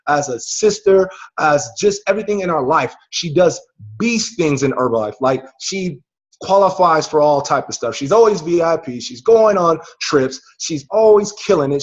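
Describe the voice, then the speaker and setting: A man's voice: fairly high pitch, breathy edge, muffled recording. A man hosting a team video call, giving hyped, slangy motivational talk. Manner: hyped, slangy, preachy encouragement.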